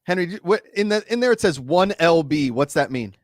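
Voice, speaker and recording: A man's voice: a little high, expressive, brisk, no room sound. A man hosting a casual live stream, asking questions and running picks and announcements in an upbeat way. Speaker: stream host.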